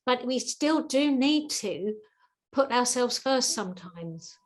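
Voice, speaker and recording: A woman, a guest expert on a video call, answers questions with lively advice, repeating words and acting out the people she quotes. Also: fairly high pitch, takes it slowly. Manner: animated, acts out quoted voices, repeats words. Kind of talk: webinar Q&A advice.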